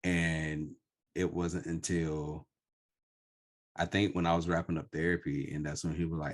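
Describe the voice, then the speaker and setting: A man with a very low, deep voice speaks slowly and earnestly. He is sharing a personal story in a reflective podcast conversation. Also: little pitch movement. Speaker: podcast host.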